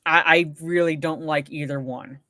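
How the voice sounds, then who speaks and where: A woman's voice: deep voice, fairly even intonation, normal speed, pushed and bright, dry recording, clean studio sound. A woman co-hosting a casual livestream and reading out chat messages, talking in a rambling way with many fillers and restarts. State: recovering from a migraine. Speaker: co-host reading live chat.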